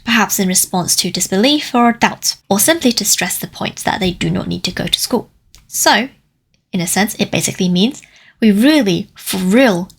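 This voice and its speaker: A woman with a husky, slightly breathy voice delivers a scripted language lesson. She explains grammar step by step in a clear, careful way and slows down to sound out each example phrase. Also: medium pitch. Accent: Cantonese. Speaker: language teacher.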